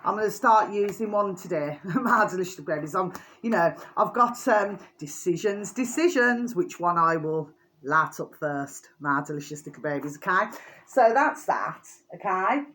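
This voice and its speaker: A woman's voice: lowish voice, lively intonation, normal speed, a bit bright. Chatty older woman, doting and rambling. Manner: chatty and doting, with many fillers and repeated pet names. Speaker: vlogger. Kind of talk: casual show-and-tell vlog.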